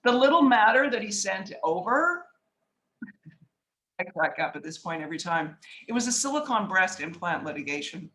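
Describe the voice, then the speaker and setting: A woman's voice: medium pitch, very animated, moderate pace, fairly bright tone, reverberant, poor audio. A woman speaking as an author and investor guest, telling anecdotes in a casual, chatty way, acting out dialogue and using many filler words. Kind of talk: casual storytelling talk.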